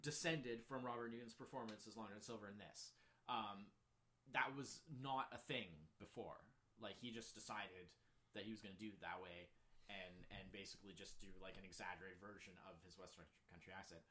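Chatty man with eager rising pitch. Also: brisk. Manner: rambling, many "like" fillers, animated pitch jumps when excited. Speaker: co-host ranking films. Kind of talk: casual chat.

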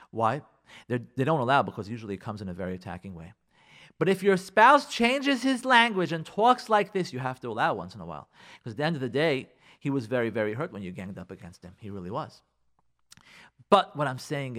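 A man on talk radio preaches marriage advice straight to his listeners, hammering points with repeated phrases. His voice sits a little high and swoops up and down with animated energy. He slips into little acted-out lines of what a spouse might say.

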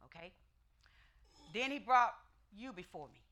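A woman's voice: fairly high pitch, animated, measured pace, fairly bright tone. A woman pastor preaching a fervent, emphatic sermon with folksy, conversational asides to her congregation.

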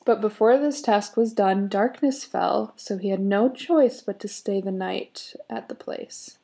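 Giggly podcast co-host, woman, gravelly and mellow, telling a story. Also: mid-range voice, measured pace. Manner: giggly, with frequent fillers and laughs. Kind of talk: casual chat and story retelling.

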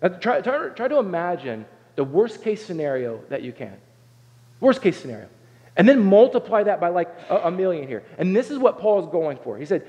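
In a dull recording thick with long hall reverb, a male pastor from Southern Ohio preaches at a normal pace. His voice is high and sing-song with a darkish tone, and his earnest, conversational delivery keeps circling back with "right?" and restarted phrases.

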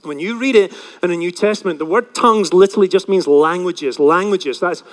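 High-voiced male pastor in a reverberant hall. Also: a little fast. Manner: animated storytelling, acts out quoted voices. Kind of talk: sermon.

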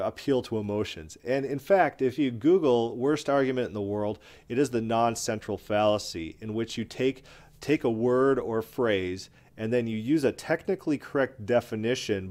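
A man's voice: on the low side, a little mellow. A man delivering combative, scornful commentary, often repeating words as he rants. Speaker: commentary video host. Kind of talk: opinionated commentary.

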